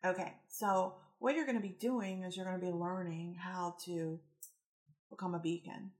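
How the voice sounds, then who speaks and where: A woman giving a casual spiritual-coaching talk, animated and rambling, acting out the quotes in her stories. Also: on the low side, moderate pace.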